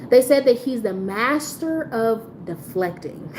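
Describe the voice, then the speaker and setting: A woman's voice: a little high, lively intonation, slow pace, noisy background. A woman giving a blunt, profane commentary rant on a live stream, talking in an incredulous tone.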